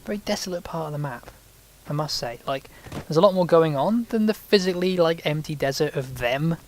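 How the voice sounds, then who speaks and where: A man with a slightly high, a little mellow voice talks briskly and with animation, slight background noise in the mix. He runs a gaming channel and offers rambling, casual commentary on the game he's playing, often mocking himself.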